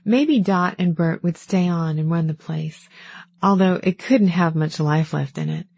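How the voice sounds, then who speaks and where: A woman narrating a first-person novel in a calm, measured, gently wistful way. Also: fairly low pitch, creaky, breathy edge, dry recording. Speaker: audiobook narrator.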